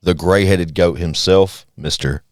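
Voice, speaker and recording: A man's voice: low-pitched, a little slow, no room sound, clean studio sound. A man hosting a casual podcast, hyping things up and swearing freely. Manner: hype, animated, swears freely. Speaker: podcast host.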